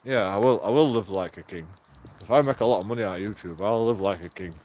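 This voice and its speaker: A man's voice: on the low side, fast, darkish tone. Sweary man rambling. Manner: sweary, rambling, chuckles often. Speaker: vlogger. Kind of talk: rambling casual monologue.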